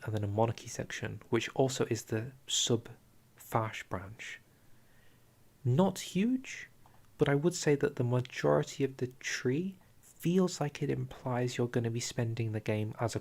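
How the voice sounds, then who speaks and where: Young male streamer, gravelly edge, loose chatty commentary, a bit winded. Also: mid-range voice. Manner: chatty, chats with viewers, trails off into quiet asides. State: out of breath. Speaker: streamer reviewing a strategy game dev diary. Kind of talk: casual live-stream commentary.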